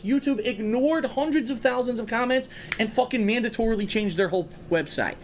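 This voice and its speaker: A man's voice: extremely high pitch, normal speed, slight background noise. A man in his thirties, heard in a played clip, ranting angrily with lots of swearing. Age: 30s. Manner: angry, swearing rant.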